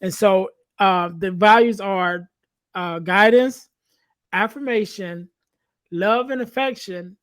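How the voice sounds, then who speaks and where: A man hosting a podcast, asking measured questions and listing points in order. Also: high-pitched, a bit bright. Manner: measured, lists points and checks in with "right?". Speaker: podcast host. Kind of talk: interview questions.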